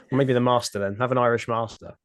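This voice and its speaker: A British man hosting a casual podcast chat, talking with many pauses and restarts. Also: mid-range voice, steady tone, smooth, no echo. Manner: hesitant, many fillers and restarts. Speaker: podcast host.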